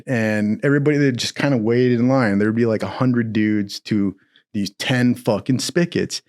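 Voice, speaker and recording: A young man telling a rambling, profane story in a casual, animated way, laughing often. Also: mid-range voice, moderate pace.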